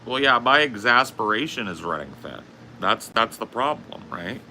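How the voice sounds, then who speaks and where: Swearing, ranting male streamer, bright voice. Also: mid-range voice, sing-song, normal speed, slight background noise. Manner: profane, rambling rant; frequent coughing. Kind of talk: casual livestream chat.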